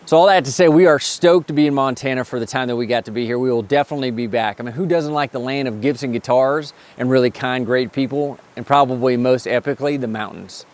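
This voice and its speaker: A man's voice: medium pitch, fast talker, few pauses, a little mellow. A man in his thirties talking casually to camera outdoors at a campsite by flowing water, upbeat and jokey. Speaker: travel vlogger. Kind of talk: casual travel vlog to camera.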